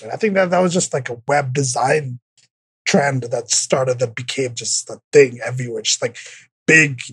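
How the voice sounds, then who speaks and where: A man hosting a casual podcast chat, talking in halting bursts full of filler words. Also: mid-range voice, husky, no echo. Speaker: podcast host.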